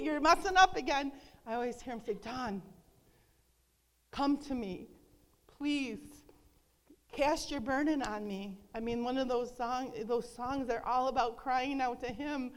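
A middle-aged woman giving an earnest, emotional devotional talk to a women's gathering. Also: high-pitched. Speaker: women's ministry speaker. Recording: long reverb hall.

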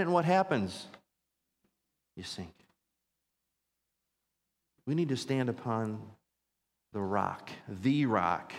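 A man's voice: mid-range voice, in a large hall. A man preaching a sermon as pastor, earnest and repeating phrases for emphasis as his intensity builds.

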